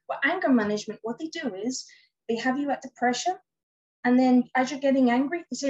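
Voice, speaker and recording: A woman life coach answering interview questions, telling stories in an animated way. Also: high voice, a little fast, slightly rough. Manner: animated storytelling. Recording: dull lo-fi recording.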